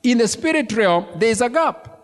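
A man preaches a sermon in a high, restless voice that leaps up and down as he drives his points home. He repeats key phrases and keeps firing questions at his congregation. His words ring out with the long reverb of a large church hall. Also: moderate pace. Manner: animated preaching with emphatic repetition and congregation questions. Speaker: pastor.

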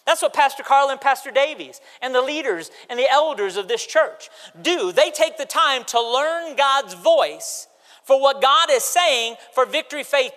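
A man preaching an animated sermon to a church congregation, calling out to the crowd. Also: very high-pitched. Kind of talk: sermon with audience participation. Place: church sanctuary. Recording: hall reverb in a large church.

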